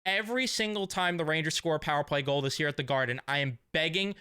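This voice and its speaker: A man's voice: fairly high pitch, fast talker, sharp tone, smooth, dry recording, clean studio sound. A young man hosting a sports fan vlog, talking in a casual, emotional, rambling way full of fillers. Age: young adult. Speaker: sports fan channel host.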